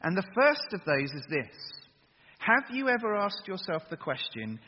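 Guy preaching to teens, husky voice, kinda muffled lo-fi hall sound. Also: sits high, measured pace. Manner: energetic, gets the crowd to chant along. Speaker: youth preacher. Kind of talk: sermon to young people. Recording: dull echoey hall recording.

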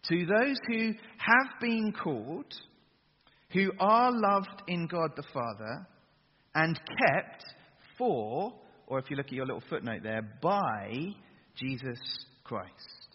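A man preaching a lively sermon to young people, getting them to chant along. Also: on the high side, slow. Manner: energetic, gets the crowd to chant along. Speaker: youth preacher. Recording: dull echoey hall recording.

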